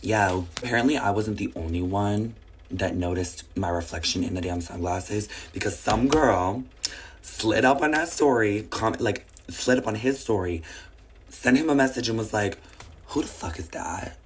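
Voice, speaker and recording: A young woman with a raspy, sick-sounding voice, telling a casual storytime with blunt, swearing asides. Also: extremely low pitch, normal speed, a little hiss or hum.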